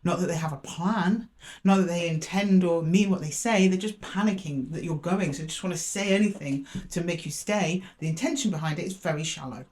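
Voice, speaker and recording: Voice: mid-range voice, brisk, a little mellow. Dramatic, chatty tarot reader. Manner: dramatic, chatty, with indignant asides. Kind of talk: casual tarot reading to camera.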